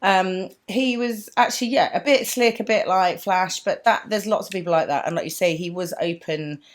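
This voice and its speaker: A middle-aged woman, co-hosting a podcast in casual chat, talking lively and often breaking off to restart. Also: on the low side, moderate pace. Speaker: podcast co-host.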